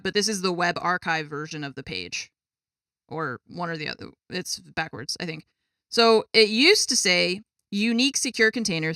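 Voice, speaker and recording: A woman streamer talks casually to her viewers from her gaming desk at home, exasperated and swearing freely. Her voice is bright and forward, at a middle pitch, and the sound is dry and close with no room in it. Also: no echo. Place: home gaming setup with a cat.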